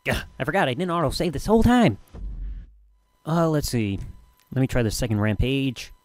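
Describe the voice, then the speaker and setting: A man from Michigan giving excitable, mildly profane commentary while live streaming a video game. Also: mid-range voice, moderate pace. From Michigan, USA. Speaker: gaming streamer. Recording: game noise underneath. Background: game sounds.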